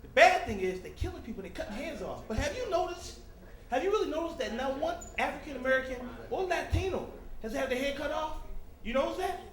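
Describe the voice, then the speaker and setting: A man doing a stand-up comedy routine on a club stage, teasing the audience and jumping into quick character voices. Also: extremely high pitch, animated. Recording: echoey club with crowd laughter.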